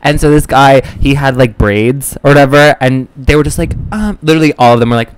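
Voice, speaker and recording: A man's voice: medium pitch, brisk, slight background noise, low-quality recording. A man co-hosting a podcast in casual chat, rambling through a long story and acting out what people said. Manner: rambling storyteller, acts out quotes. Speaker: podcast co-host.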